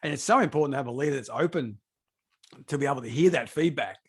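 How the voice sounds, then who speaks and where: A man's voice: medium pitch, fast talker, husky. A man hosting a podcast interview, talking in a loose, rambling way. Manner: rambling with fillers and restarts. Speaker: podcast host. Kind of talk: conversational interview.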